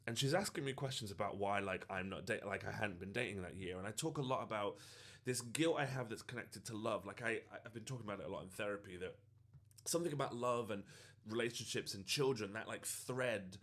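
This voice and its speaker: A man's voice: fairly low pitch, a little fast, fairly bright tone. A man, a social media creator, telling a personal story in an earnest, reflective way. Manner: earnest and reflective, with frequent fillers. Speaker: TikTok creator.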